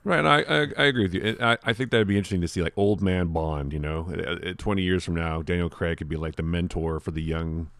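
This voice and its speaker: A man's voice: sits low, fast talker, hardly any pauses, fairly bright tone, no room sound. A man co-hosting a podcast, chatting casually about films and rambling with many restarts. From Southern California. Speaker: podcast co-host. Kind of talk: casual chat.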